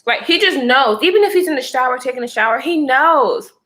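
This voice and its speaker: A woman's voice: high voice, a little fast. A woman livestreaming, chatting casually to her viewers as girl and y'all and reacting to their comments as she tells a personal story. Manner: animated, with frequent laughter. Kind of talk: casual storytelling to a live chat.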